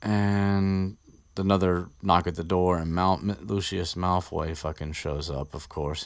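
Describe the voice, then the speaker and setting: Rambling, profane low-voiced man. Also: steady tone, slow pace, smooth, no room sound, studio quality. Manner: rambling, profane, restarts often. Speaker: podcast host discussing a book. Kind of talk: casual chat.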